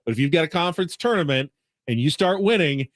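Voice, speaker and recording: A man's voice: fairly high pitch, animated, fast, dry recording, clean studio sound. A man hosting sports radio, explaining college basketball at length and thinking aloud with restarts.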